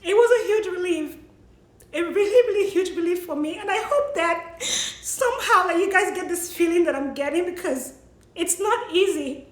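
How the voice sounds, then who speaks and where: A young woman speaks to her viewers in a high, tearful voice, sniffling as she talks. She keeps apologizing and laughs through the tears. The room has a noticeable echo. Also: moderate pace. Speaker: vlogger sharing money tips. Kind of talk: emotional personal vlog.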